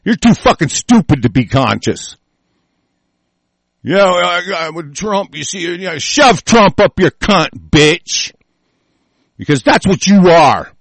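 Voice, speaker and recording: A man's voice: high voice, sing-song, takes it slowly, vocal fry, breathy edge, no echo. A man hosting a talk show, delivering a furious, profane and confrontational political rant.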